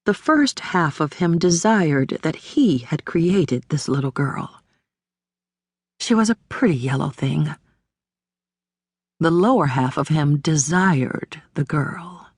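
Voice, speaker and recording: A woman narrating a literary audiobook in a measured, deliberate way, recorded on a close studio mic. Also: low-pitched, lively intonation, husky, dry recording.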